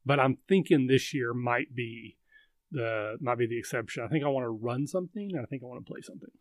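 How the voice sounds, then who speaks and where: A man's voice: mid-range voice, brisk, no room sound. A man hosting a casual live chat, rambling and thinking aloud with lots of fillers. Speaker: livestream host.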